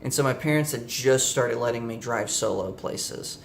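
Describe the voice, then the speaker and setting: A man's voice: mid-range voice, moderate pace, a little hiss or hum. Young male vlogger, casual storyteller who meanders and corrects himself, mid-range voice. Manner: rambling, many fillers and self-corrections.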